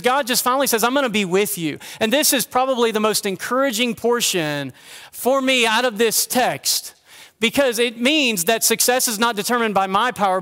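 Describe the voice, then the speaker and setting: A man delivers a Sunday sermon in a high, light voice. He talks casually and pokes fun at himself, then settles into a quiet, earnest tone. His voice rings out with a long church reverb. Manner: conversational, self-deprecating humor, drops to a quiet earnest tone. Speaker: pastor. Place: church sanctuary.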